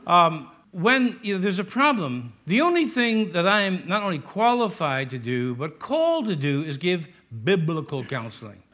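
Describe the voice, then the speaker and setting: A man's voice: on the high side, bright, forceful tone. A middle-aged man with a New York accent, a pastor preaching a sermon in a joking, conversational way with asides.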